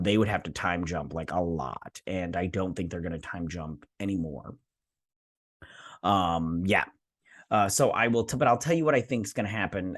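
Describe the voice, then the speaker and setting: With a fairly low-pitched voice, a TV review channel host chats casually with his viewers about an episode, speaking to them directly and peppering his talk with fillers and self-corrections. The audio is studio quality, free of echo.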